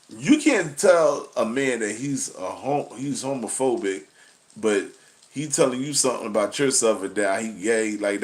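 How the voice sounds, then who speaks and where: A man hosting a casual commentary vlog, talking animatedly with frequent profanity and laughter. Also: mid-range voice. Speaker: vlog host.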